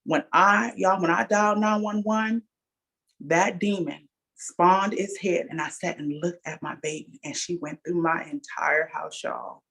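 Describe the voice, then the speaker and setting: A middle-aged woman gives an earnest personal testimony, speaking straight to her listeners and calling them y'all. Her voice is husky and gravelly, with a rough edge of vocal fry. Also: fairly low pitch, fairly even intonation, unhurried, a bit bright. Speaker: guest speaker sharing testimony.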